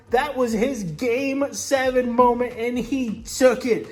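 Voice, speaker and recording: A man's voice: extremely high pitch, steady tone, slow, hardly any pauses. A man hosting and commentating toy monster truck races from his home garage, in a hyped, dramatic announcer style. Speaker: host and race commentator. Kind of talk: excited race commentary.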